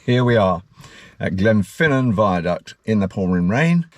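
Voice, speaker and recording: A man's voice: on the low side, animated, measured pace, a little hiss or hum. A man narrating his own road-trip vlog in a chatty, jokey way, mixing casual remarks with read-out facts. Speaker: travel vlogger.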